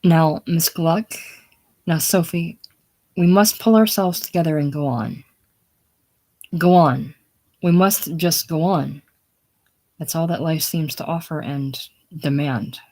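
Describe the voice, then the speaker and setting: An emotional, determined grown woman urges and pleads with earnest insistence, as a reader voices her in a casual play reading. The voice sits at an ordinary middle pitch. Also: slow pace, pauses often, a little mellow, poor audio. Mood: urging.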